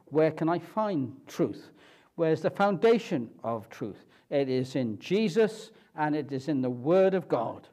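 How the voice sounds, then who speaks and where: Male preacher, slow deliberate delivery, mellow tone, rhetorical questions. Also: fairly high pitch, lively intonation. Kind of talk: sermon.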